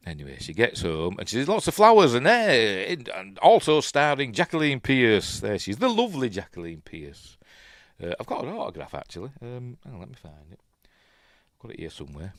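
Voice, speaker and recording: Low-voiced Yorkshire man, chatty and rambling, film commentary recorded dry and close. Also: a bit bright, dry recording. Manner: rambling, chatty, with many ums and restarts; plays out the characters' lines in quotes. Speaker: film review host. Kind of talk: casual film commentary while watching.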